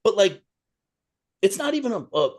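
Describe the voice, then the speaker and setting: A man's voice: high voice, sing-song, moderate pace. A man co-hosting a podcast, ranting in casual chat with heavy swearing. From Italian-American. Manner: heated, profane, ranting. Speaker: podcast co-host.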